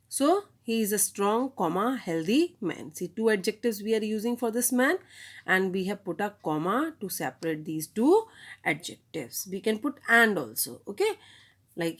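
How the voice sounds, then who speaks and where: Woman teaching grammar, slow and repetitive. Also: medium pitch. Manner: explains slowly, repeats examples, asks the class "okay?". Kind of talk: classroom grammar lesson.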